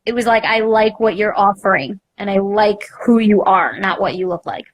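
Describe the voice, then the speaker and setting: A young woman, a podcast host, candidly telling her story in a live interview, self-mocking and animated, full of "like" and acted quotes. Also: medium pitch, normal speed.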